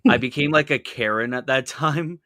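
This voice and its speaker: A man's voice: mid-range voice, moderate pace, pushed and bright, no echo, clean studio sound. A man from Canada in casual podcast chat, laid-back and swearing casually.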